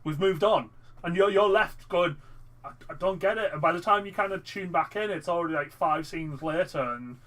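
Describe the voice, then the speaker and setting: Animated podcast co-host. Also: male voice, sits high. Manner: animated, acts out dialogue in quick asides. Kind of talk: casual film review chat.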